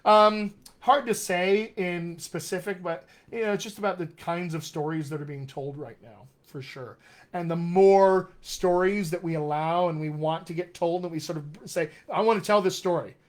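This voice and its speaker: A man's voice: high voice, moderate pace. A man hosting a live question-and-answer stream as a dialect coach, upbeat and encouraging as he answers viewers one by one. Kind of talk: casual live-stream chat.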